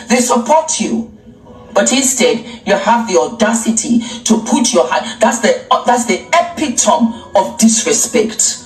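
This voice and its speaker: A woman's voice: a little high, lively intonation, moderate pace, roomy sound, distant mic, soft background music, poor audio. A woman from Africa, living in London, giving impassioned commentary, indignant and scolding, repeating phrases for emphasis, with a sore throat. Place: home in London.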